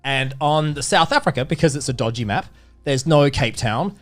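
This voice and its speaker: A man's voice: medium pitch, lively intonation, moderate pace, soft background music. A man guesting on a podcast, telling a rambling story with many restarts and giggles. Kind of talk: casual podcast chat.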